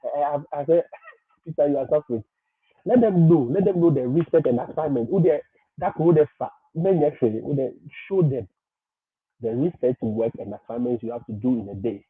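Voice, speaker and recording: A man hosting a livestream, talking emphatically and circling back over his points with frequent laughs. His voice sounds a little husky, and the audio is thin and phone-like, in a dry room with no echo. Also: mid-range voice, brisk. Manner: emphatic, repetitive, laughs often. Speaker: livestream host. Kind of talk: livestream advice talk.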